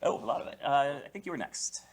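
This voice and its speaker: A man on a convention panel telling animated, laughing anecdotes about his voice acting work. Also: mid-range voice, fast. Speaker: voice actor panelist. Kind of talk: casual convention panel storytelling.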